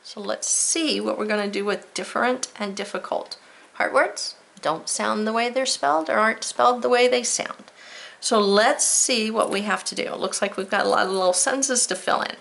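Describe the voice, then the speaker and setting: A woman teaching a spelling lesson who talks slowly and clearly and spells words out letter by letter. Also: mid-range voice, fairly bright tone.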